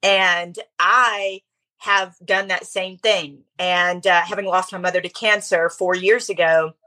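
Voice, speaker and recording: Middle-aged woman guest, bright voice, animated stories w quick asides. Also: lowish voice. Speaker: podcast guest, speaker coach. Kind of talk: casual interview chat.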